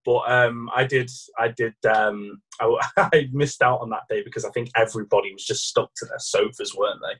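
A man's voice: mid-range voice, fairly even intonation, a little fast, hardly any pauses, fairly bright tone, slightly rough, low-quality recording. A young man co-hosting a casual podcast, hesitant and self-deprecating, laughing often. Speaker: podcast co-host.

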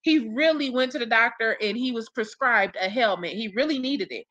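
A woman's voice: fairly high pitch, normal speed, bright, forceful tone, dry recording. A woman hosting casual commentary for her viewers, blunt, profane and exasperated as she gossips. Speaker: commentary channel host.

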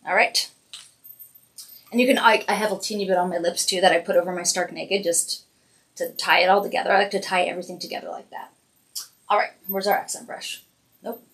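A woman's voice: medium pitch, a bit bright. Chatty woman hosting a makeup tutorial. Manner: chatty, encouraging, self-narrating each step. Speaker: makeup brand host doing a weekly live demo. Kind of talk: casual makeup tutorial livestream.

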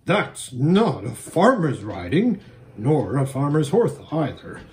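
A man's voice: on the high side, huge pitch swings, takes it slowly, a little mellow, a little hiss or hum, exaggerated voice. A man voicing a proud, anxious male talking warhorse in a storybook reading, earnest and worried in tone. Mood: knowing.

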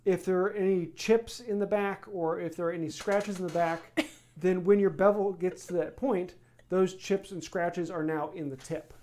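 A man hosting a live woodworking stream, answering viewer questions in a casual, rambling way with many pauses. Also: high-pitched. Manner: relaxed, rambling explanations with many ums. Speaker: woodworking channel host.

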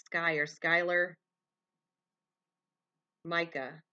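A woman's voice: lowish voice, level tone, drawn-out words, pushed and bright, muffled recording. A woman giving a collective tarot love reading to her viewers. She meanders, calls out names and initials as they come to her, and fills her speech with "you know" and "um". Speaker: tarot reader.

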